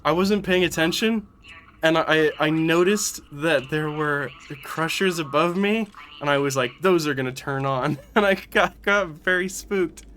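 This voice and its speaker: A man's voice: a little high, a little slow, fairly bright tone. A man streaming a video game, chatting casually in rambling, giggly stories full of swearing. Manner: rambling, giggly, profane storytelling. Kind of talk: casual gameplay commentary.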